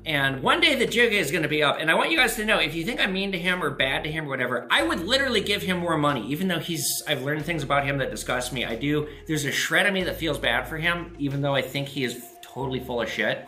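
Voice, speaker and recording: A bright, forceful male voice with a lively, swooping pitch, telling stories casually and cursing freely. The room around him rings with echo, and faint music plays under him. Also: fast talker, hardly any pauses. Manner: animated, profane, jumps to high pitch for quoted voices. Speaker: host answering viewer questions. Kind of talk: casual storytelling monologue.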